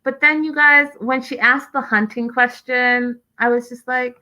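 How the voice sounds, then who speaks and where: A woman's voice: sits high, steady tone, measured pace, few pauses, pushed and bright. A woman hosting an online reality TV recap show, chatting in a sassy, exasperated way and mimicking people as she rants. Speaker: host.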